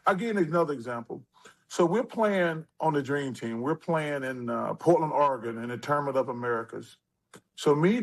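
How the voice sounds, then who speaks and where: An older man in his sixties telling stories as a guest in an interview. His voice sits slightly higher than most men's. He tells them with animated delivery and acts out other people's lines. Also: low-quality recording. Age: 60s. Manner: animated storyteller who acts out quotes. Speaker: interview guest, former basketball player. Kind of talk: storytelling interview.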